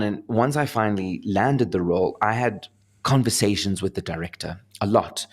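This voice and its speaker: Animated South African actor telling stories. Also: male voice, on the low side. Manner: animated storyteller, laughing, acting out voices. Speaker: actor, interview guest. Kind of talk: casual interview talk.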